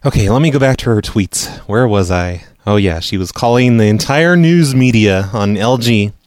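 Deadpan low-voiced male prank caller. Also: normal speed, few pauses, no echo, clean studio sound. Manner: deadpan, provoking. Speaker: prank call show host. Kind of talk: casual storytelling and prank calls.

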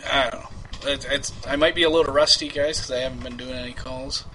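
A man's voice: mid-range voice, steady tone, fast, bright, forceful tone, slight background noise, rough recording. A man hosting a homemade prank call show, chatting casually, rambling and laughing as he reads out his ads. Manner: rambling, laughs often, trails off into mumbling. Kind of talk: casual live show chat.

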